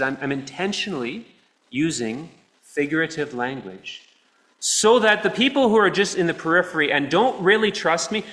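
A man preaching a sermon in a church, earnest, moving between soft stretches and emphatic ones. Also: on the high side.

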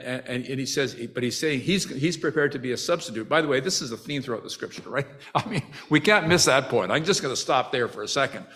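A man delivering a sermon like he's chatting with the congregation. He often restarts his sentences and breaks off into asides. His voice sits at an everyday middle pitch. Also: pushed and bright. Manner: conversational, with frequent restarts and asides; acts out the brothers' quoted lines with rising emotion. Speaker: preacher.

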